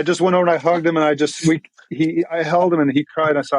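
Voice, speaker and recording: A man's voice: a little high, fairly even intonation, quick pace, few pauses, no room sound, rough recording. A man, a pastor, tells an emotional story in a podcast interview with an earnest manner and many restarts.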